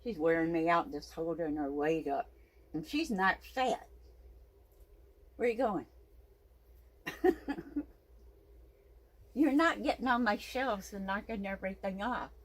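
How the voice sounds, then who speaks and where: A woman's voice: mid-range voice, expressive, a little slow, pauses often. A woman talking to her pet snake in a casual vlog, cooing baby talk, a little stuffy from her sinuses. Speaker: snake keeper.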